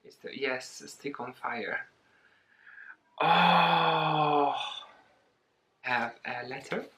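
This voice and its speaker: A woman talking casually in a home unboxing vlog, excitable and giggly, gushing over what she opens. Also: deep voice, extremely slow. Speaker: plant vlogger.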